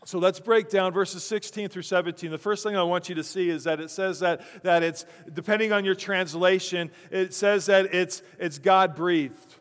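A pastor giving a conversational sermon, with chuckling asides, in a church sanctuary. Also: male voice, high-pitched, steady tone, normal speed, few pauses. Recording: long church reverb.

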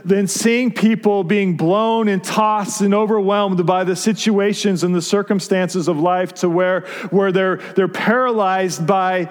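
High-voiced pastor preaching in a reverberant hall. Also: male voice. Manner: conversational preaching with repeated restarts. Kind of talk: sermon. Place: church sanctuary.

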